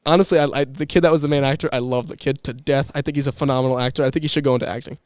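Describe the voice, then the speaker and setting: Young guy rambling fast on a podcast, smooth voice, dry close sound. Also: mid-range voice, fairly even intonation, darkish tone, dry recording. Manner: rambling storyteller, restarts and laughs a lot. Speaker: podcast guest, former employee. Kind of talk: casual chat.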